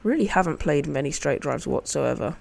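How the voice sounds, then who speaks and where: A man's voice: fairly high pitch, lively intonation, a little fast, gravelly, darkish tone. A man giving casual, chatty commentary over his own gameplay as a channel host, narrating each shot as he plays it.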